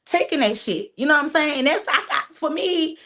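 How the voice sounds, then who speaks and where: Woman, 40s, podcast cohost, higher register; salty, no-nonsense, talks straight to the audience. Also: lively intonation, fairly quick, sharp tone. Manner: blunt, profane, storytelling with acted-out quotes. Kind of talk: casual chat. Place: live stream podcast.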